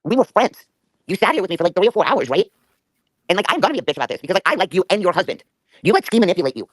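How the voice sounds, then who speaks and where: A woman's voice: lowish voice, sing-song, no echo. A woman talking as a guest on a livestream, emotional and swearing freely in heated conversation. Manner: rapid, profane and emotional.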